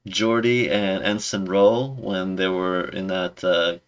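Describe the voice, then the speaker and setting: A man rambles through a casual review, sarcastic and exasperated at every turn. His voice sits low with a gravelly, creaky edge. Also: flat delivery, takes it slowly. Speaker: video reviewer.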